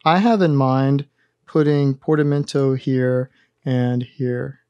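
A man hosting a synthesizer tutorial, calmly talking through each button press in a methodical step-by-step demonstration. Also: mid-range voice, slow pace, clear, resonant tone, no room sound, lo-fi sound.

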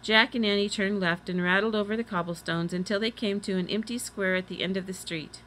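Bright-voiced woman reading a storybook. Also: mid-range voice, steady tone, a little fast, slight background noise, low-quality recording. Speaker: reader. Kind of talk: storybook read-aloud.

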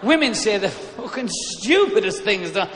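A high-voiced man tears through a crude stand-up set in blunt, profane bursts. His punchlines ring out across a large echoey hall with a noisy room behind him. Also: sing-song, normal speed, fairly bright tone. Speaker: stand-up comedian. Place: live venue with an audience. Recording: echoey live hall with background noise.

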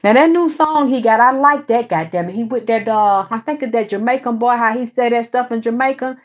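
Woman host, casual gossip chat, animated, swears freely. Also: a little high, fairly quick. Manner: animated, swearing, talks straight to her viewers. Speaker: celebrity gossip channel host.

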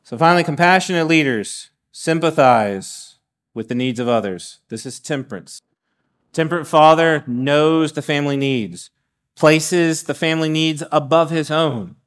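Man, middle-aged, guest preacher, sermon, fairly high voice, animated, lots of restarts. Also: a little slow. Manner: animated, with frequent restarts and acted-out asides. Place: church sanctuary.

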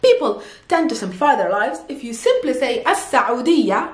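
Native Arabic-speaking woman from Palestine, patient language teacher with a lively delivery, recorded in an echoey room. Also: sits high. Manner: explains patiently, repeats words slowly for pronunciation. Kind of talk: video language lesson.

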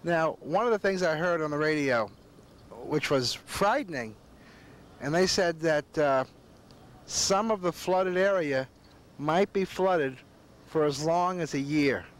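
A man's voice: on the high side, slow pace. Folksy rambling man hosting a talk show. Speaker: host. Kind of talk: casual on-location talk show.

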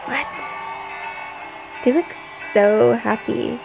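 A woman's voice: on the high side, very slow, gravelly, music in the background, low-quality recording. A young woman reacting to a TV finale, gasping and gushing over each scene. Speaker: reaction vlogger. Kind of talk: emotional TV reaction commentary.

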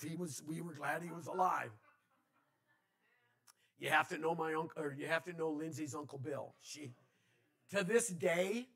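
A man's voice: a little high, creaky, a bit bright. A male pastor telling a personal story in a conversational sermon, with many restarts. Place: church.

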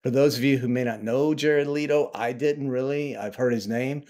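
A man's voice: mid-range voice, steady tone, normal speed, darkish tone. Male travel vlogger, home office, casual and sarcastic, indignant. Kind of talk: casual to-camera commentary.

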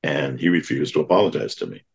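A man's voice: a bass voice, animated, quick pace, creaky. A middle-aged man, a podcast guest, earnestly telling childhood memories in a plainspoken way. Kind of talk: storytelling in an interview.

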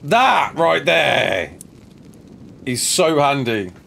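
A man's voice: a little high, sing-song, very slow, vocal fry, sharp tone, a little hiss or hum. A tired man chatting casually and rambling as a gaming streamer, answering viewer questions while he plays. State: sleep-deprived. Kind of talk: casual live gameplay chat.

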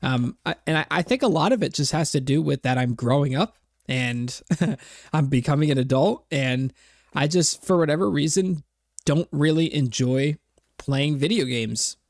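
A man's voice: fairly high pitch, lively intonation, normal speed, no room sound, studio quality. Candid young man, reflective and rambling. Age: 20s. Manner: reflective and rambling, with fillers and soft laughs. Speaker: content creator. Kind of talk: candid personal vlog talk.

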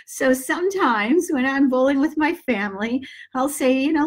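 A middle-aged woman giving a gentle self-help talk, slowly guiding breaths and repeating calming mantras. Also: high-pitched. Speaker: manifesting teacher.

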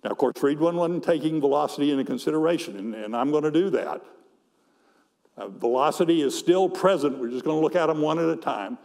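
An older man giving a conference presentation on economics, explaining his slides in a measured way and often repeating words as he goes. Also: fairly high pitch, creaky, a little mellow, in a large hall.

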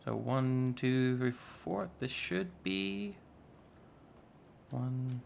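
A man's voice: medium pitch, drawn-out words, vocal fry, a little hiss or hum. A man giving casual, chatty commentary while playing a modded block-building game, rambling with playful asides. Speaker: Minecraft YouTuber.

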